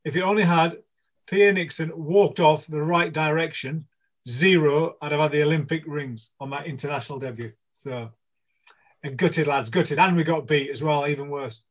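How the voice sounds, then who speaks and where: A man's voice: on the high side, moderate pace. A middle-aged man from England, a former cricketer, chatting casually as an interview guest and telling stories with acted-out voices of teammates. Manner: animated storyteller, acts out voices of teammates.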